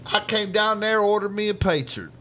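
Man doing a higher, louder drawling country man complaining about his food. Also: animated, moderate pace, slight background noise. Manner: drawling, folksy country talk. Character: rough-spoken rural man, a complaining pizza customer.

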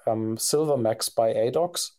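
Hesitant man with a mellow voice. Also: mid-range voice, measured pace. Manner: hesitant, many fillers and restarts. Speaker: podcast co-host. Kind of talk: casual conversation.

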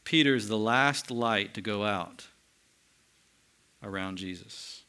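A man preaching from the pulpit with a bright, forceful tone. He moves between lively, emphatic stretches and hushed, slowed-down solemn passages, speaking straight to the congregation. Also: on the low side, clean tone. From United States. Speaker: pastor. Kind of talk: sermon.

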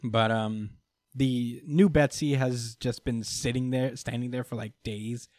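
A man's voice: medium pitch, steady tone, measured pace, a little mellow, no room sound, studio quality. A man casually recapping a comic book story, full of fillers, laughter and swearing. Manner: laughs often, many fillers, swears freely. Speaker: podcast host.

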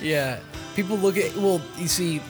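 A young man co-hosting a podcast, with a deep announcer-like voice, rambling and self-deprecating. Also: normal speed, over music. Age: young adult. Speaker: podcast co-host. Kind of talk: casual podcast banter.

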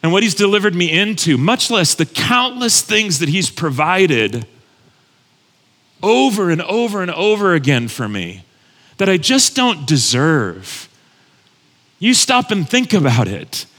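Man, pastor, conversational sermon, bright tone, long church reverb. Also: sits high, big pitch swings, measured pace. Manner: earnest, conversational preaching with repeated phrases.

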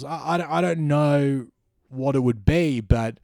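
A man's voice: fairly high pitch, slow, vocal fry, warm tone, dry recording, clean studio sound. A man with an Australian accent, hosting a satirical comedy podcast monologue in a sardonic, ranting manner. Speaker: comedian host.

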